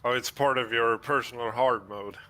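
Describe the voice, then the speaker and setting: A man's voice: mid-range voice, fairly even intonation, normal speed, pushed and bright, rough recording. A man in casual gaming chat who makes short, dry remarks.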